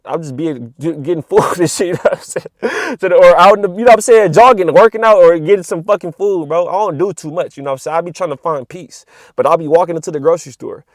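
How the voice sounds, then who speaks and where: A man's voice: sits high, quick pace, no echo, clean studio sound. A young man ranting casually to camera about spiritual energy, profane and repetitive, full of street slang and "you know what I'm saying.". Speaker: spiritual vlogger.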